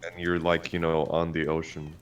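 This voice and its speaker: Deep-voiced man with teasing quips. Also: completely flat delivery, normal speed, highs cut off. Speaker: friend chatting along on the stream. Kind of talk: casual chat.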